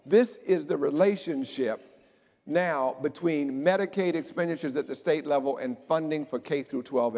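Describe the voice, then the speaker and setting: A man giving an animated, joking conference talk about slides to a live audience. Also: a little high. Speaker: keynote speaker. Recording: long hall reverb.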